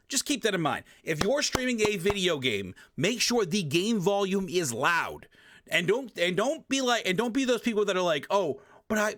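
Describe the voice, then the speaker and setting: A man's voice: high-pitched, no echo, clean studio sound. A man streamer giving a casual, emphatic tutorial, swearing and repeating himself, talking past a desk microphone at his home gaming setup. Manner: emphatic, repetitive, swears, animated sound effects. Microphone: desk microphone, often turned away.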